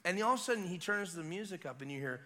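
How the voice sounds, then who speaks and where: A man preaching a revival sermon as guest preacher, retelling a scene in an animated way with casual asides. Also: sits high, very fast. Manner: animated storytelling, acting out scenes; conversational asides.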